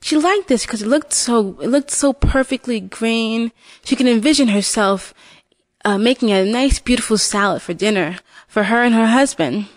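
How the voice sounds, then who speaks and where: A woman tells a fairy tale at an unhurried pace, her fairly high voice rising and falling with lively expression. She pauses and restarts phrases now and then, and the recording is close and dry, with no room sound. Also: no room sound. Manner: slow, expressive, with small restarts. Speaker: storyteller. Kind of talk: reading a fairy tale for a listening lesson.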